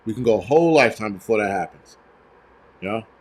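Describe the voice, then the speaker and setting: Talking fast in a lowish, animated voice, this livestream host rants with blunt profanity and plenty of fillers, responding to his chat and reading viewer donations aloud.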